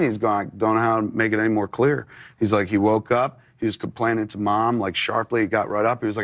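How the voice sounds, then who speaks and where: A man's voice: on the low side, level tone, fast talker. A man in his forties, an interview guest, telling a personal story candidly with many fillers.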